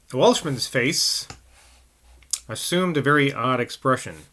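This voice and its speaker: A man's voice: mid-range voice, animated, measured pace, pauses often, fairly bright tone. A man reading a novel aloud, carefully, with occasional slips and restarts. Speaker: audiobook reader.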